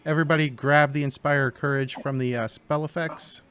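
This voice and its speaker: A man's voice: on the high side, steady tone, normal speed, a bit bright, clear, resonant tone. A man playing a tabletop game at home, talking through his character's turn step by step. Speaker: player. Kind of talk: casual tabletop game play.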